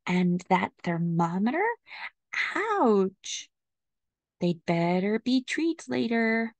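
A woman voicing a moody, pampered house cat in a slow storybook reading. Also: mid-range voice, big pitch swings, no echo. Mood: gentle. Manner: slow, gentle read-aloud delivery.

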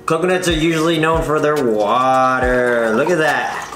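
A young man co-hosting a casual vlog, playful and teasing, swearing casually and breaking into excited shouts. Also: mid-range voice, normal speed. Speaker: co-host. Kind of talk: casual vlog chat while taste-testing. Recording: roomy sound with music underneath.

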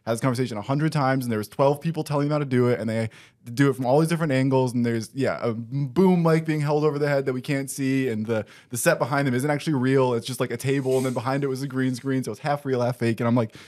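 A young male podcast host with an ordinary mid-range voice. He talks quickly and chats casually. His tone is easygoing and self-deprecating, and he laughs readily. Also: medium pitch, a little mellow. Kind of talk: casual conversational interview.

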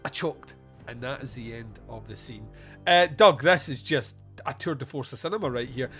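A man hosting a casual film review podcast, animated and quick to laugh, acting out lines from the movie. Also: mid-range voice, husky, soft background music. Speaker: podcast host.

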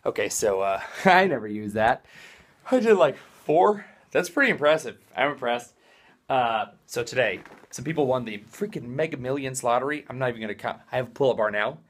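A man's voice: medium pitch, lively intonation, a little fast, a little hiss or hum. A young man doing a casual vlog in a hyper, jokey, rambling way. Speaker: vlogger.

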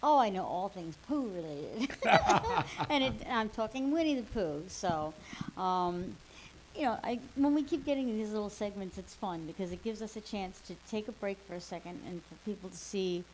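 A woman's voice: medium pitch, lively intonation, moderate pace, a little mellow, rough recording. A woman co-host talking casually in a small local TV studio, laughing easily between remarks. Her voice sits in a mid range. A faint hiss runs under the recording. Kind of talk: casual chat.

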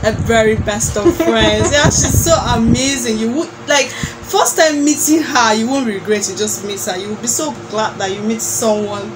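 Young female vlog host, raised pitch, effusive chat over clear ambient noise. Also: normal speed, few pauses. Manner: gushing, repeats herself with fillers.

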